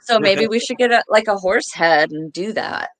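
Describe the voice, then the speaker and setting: A woman's voice: medium pitch, moderate pace. A woman co-hosting a podcast, chatting casually and easily, with lots of "like" fillers. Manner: chatty, says "like" a lot, easygoing. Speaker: podcast co-host. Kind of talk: casual chat.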